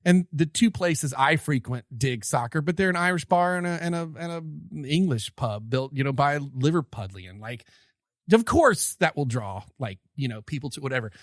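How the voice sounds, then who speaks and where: A man, co-hosting a podcast and telling a story in an excited, animated way, often restarting his sentences. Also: mid-range voice, moderate pace, no echo, clean studio sound. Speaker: podcast co-host. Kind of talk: casual storytelling chat.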